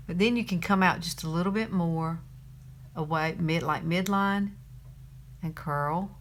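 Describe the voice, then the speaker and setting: A Southern-accented woman in her fifties from Alabama chats her way through a makeup tutorial, laughing a lot and saying "y'all." Her voice sits low but is a bit bright, and there's a little hiss or hum in the audio.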